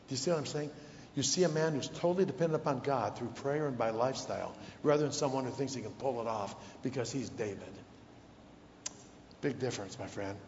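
A man preaching a sermon as pastor, firing off rhetorical questions and dropping to a hush to drive points home. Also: medium pitch, brisk, slight background noise. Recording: dull, echoey hall sound.

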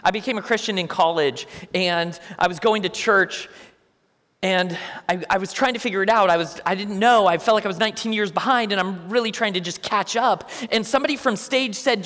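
A man's voice: high-pitched, fairly quick, fairly bright tone, in a large hall. A young man telling a church audience his own story in a talk, acting out both sides of conversations with dry humor. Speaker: speaker sharing a testimony.

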